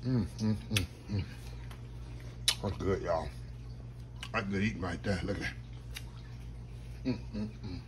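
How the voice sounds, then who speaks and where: A man hosting a casual home cooking video, folksy and chatty, talking to viewers as "y'all" and dropping to a low murmur while he tastes. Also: pushed and bright, a little hiss or hum. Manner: folksy, keeps saying "y'all". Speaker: cooking channel host.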